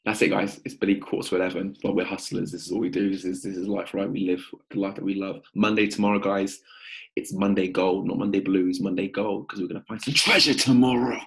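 A man hosting a live-stream coaching pitch, energetic and upbeat, calling out viewers by name. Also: fast talker, creaky.

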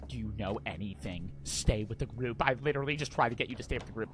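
A man commentating a horror game as he plays, excitable and joking, with plenty of swearing. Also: on the low side, fast talker, hardly any pauses, noisy background. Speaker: gaming streamer. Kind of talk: gameplay commentary. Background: game music.

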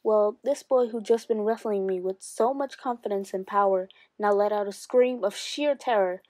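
A woman teacher reads a memoir aloud for her students in a steady, expressive way and lifts her voice for emphasis. Her pitch is mid-range, and the recording is dry and close. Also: normal speed, no room sound. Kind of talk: reading a memoir aloud for class.

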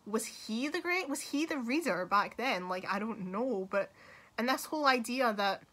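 A young woman hosting a casual gaming talk video, animated and laughing often, swearing freely as she shares her thoughts. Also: a little high, normal speed.

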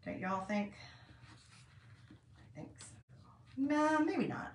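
A woman's voice: medium pitch, big pitch swings, slow pace, pauses often, a bit bright, recorded from a distance, a little hiss or hum. A woman in her fifties hosting a casual craft tutorial, chatting and rambling to viewers as she works at home. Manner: chatty, rambling, talks to viewers while working. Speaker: craft channel host. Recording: roomy echo, mic set back.

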